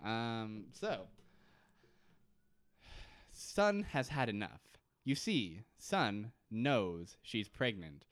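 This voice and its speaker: Male co-host, casual recap chat, quick to laugh, smooth clear voice. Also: fairly low pitch, big pitch swings, a bit bright, no echo, clean studio sound. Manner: joking, laughs often. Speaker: podcast co-host.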